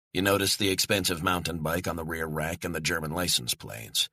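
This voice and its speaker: A man narrating a thriller audiobook in a steady, measured reading on a close mic. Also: low voice, no room sound. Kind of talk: scripted narration.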